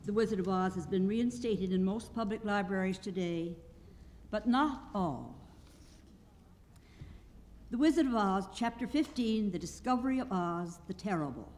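A woman narrating a classic story for a live audience at a literary evening. Her reading is expressive, the pitch swinging widely through each sentence. The sound carries a long echo from the auditorium. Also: moderate pace. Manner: animated storytelling. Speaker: reader at a literary event. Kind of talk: expressive read-aloud narration. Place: auditorium stage.

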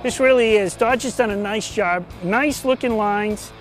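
A man's voice: sits high, a little slow. A man co-hosting a local TV car-sales show, upbeat, listing features and urging viewers to hurry in. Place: car dealership lot.

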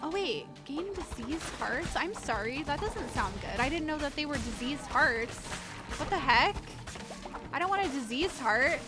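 A woman host giving chatty, excitable gameplay commentary to her viewers. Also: sits high, moderate pace. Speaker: gaming channel host. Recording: game music behind voice. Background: game music.

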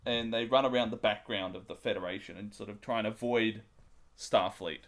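A man's voice: fairly low pitch, a little fast. A man from Australia hosting a podcast, chatting casually, teasing his co-hosts and laughing often. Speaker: podcast host.

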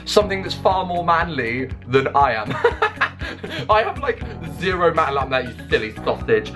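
A young man with an English accent, chatting casually on camera at home. He rambles and restarts often, cracking jokes at his own expense. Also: medium pitch. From England. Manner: jokey, rambling, self-mocking, with quick restarts. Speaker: YouTuber and songwriter. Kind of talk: casual Q&A vlog.

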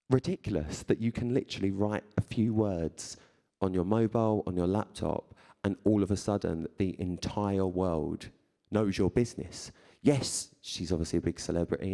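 A man's voice: fairly low pitch, gravelly, darkish tone. A man in his thirties, a presenter, talking live to an audience in a chatty, playful way and laughing often. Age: 30s. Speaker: radio and TV presenter. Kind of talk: live talk to an audience, reading tweets aloud. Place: live event before an audience.

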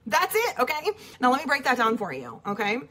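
A woman's voice: high-pitched, huge pitch swings, fairly quick, bright, forceful tone. A woman coaching casually to camera from home, bubbly and chatty, checking in with "okay?" all the time. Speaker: network marketing coach. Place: at home with children nearby.

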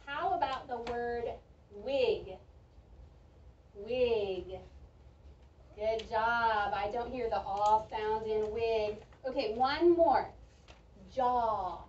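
A woman teaching a reading lesson to a young class, speaking slowly and clearly and praising the children's answers. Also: a little high, darkish tone. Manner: slow, clear, encouraging teacher talk with drawn-out words. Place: school classroom. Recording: echoey, distant, dull classroom recording.

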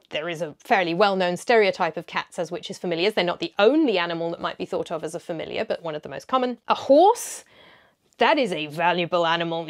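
Chatty woman explaining history. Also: lowish voice. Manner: chatty, frequent ums, occasional laughs. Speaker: history video host. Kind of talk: educational commentary.

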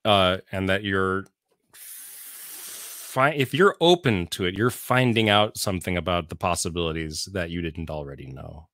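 A middle-aged man with a fairly low yet bright, forward voice speaks as an interview guest. He thinks aloud, reframes questions and lands jokes with wry timing. The sound is close and dry. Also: dry recording. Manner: thoughtful, wry, tells jokes with deliberate timing. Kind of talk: casual conversation.

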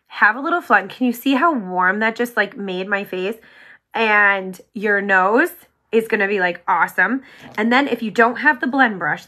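A woman hosting a casual makeup tutorial, bubbly and chatty, full of "like", often dropping to a soft whisper. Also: medium pitch. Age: adult with sons. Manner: bubbly, chatty, heavy use of "like".

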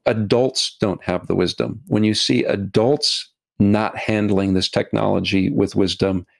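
A middle-aged man, a documentary filmmaker as a podcast guest, talking earnestly and haltingly, often restarting and repeating words. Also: fairly low pitch, fairly even intonation, vocal fry. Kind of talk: podcast interview.

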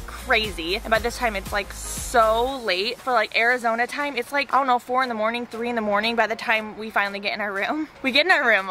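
A woman's voice: fairly high pitch, pushed and bright. A woman telling a travel mishap story in a casual vlog, chatty and exasperated, full of "like" and "literally". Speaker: vlogger. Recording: light background music.

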